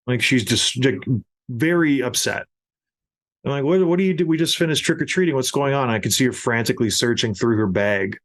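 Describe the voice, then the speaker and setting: Middle-aged male podcast host, casual and animated storyteller, mid-pitched voice.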